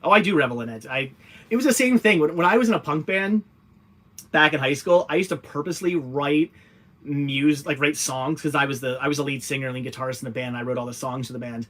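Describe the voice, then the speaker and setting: A young man chats loosely on a livestream, his voice sitting a little on the higher side for a man. He rambles through viewer comments, stumbling over restarts and fillers as he goes. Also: fast, a bit bright. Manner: rambling, many fillers and restarts, laughs easily. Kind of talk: casual livestream chat.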